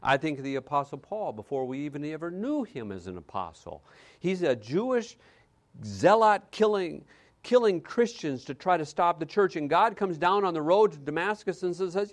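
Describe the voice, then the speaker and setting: Male pastor mid-sermon; lively intonation, dramatic loud-to-hushed delivery. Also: fairly high pitch, normal speed.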